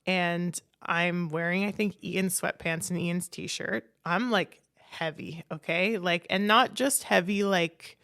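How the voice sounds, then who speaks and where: Canadian woman on a podcast, low-ish creaky voice, blunt and chatty, says like a lot and swears casually. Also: fairly even intonation, slow pace, few pauses, fairly bright tone. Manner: frank, peppered with "like", swears casually. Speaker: podcast guest. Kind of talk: candid conversational storytelling.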